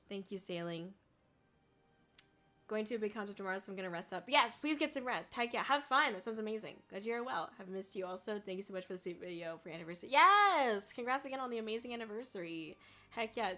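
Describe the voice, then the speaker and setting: Medium-pitched and fairly bright, this woman is a VTuber reading her viewers' messages aloud in a casual stream chat. Tearful, she laughs and chokes up while cursing freely and struggling not to cry.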